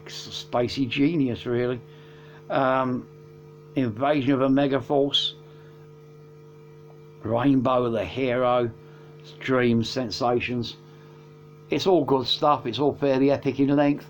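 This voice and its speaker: A man's voice: medium pitch, slow pace, gravelly, pauses often. Man, casual album review, rambling, lots of fillers, faint mains hum behind. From England. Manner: rambling, hesitant with many fillers and self-corrections. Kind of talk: casual chat.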